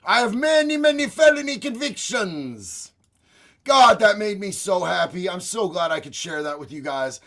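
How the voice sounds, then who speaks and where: A man streaming reaction commentary in a profane, gleeful, often shouted way. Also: sits high, big pitch swings, moderate pace.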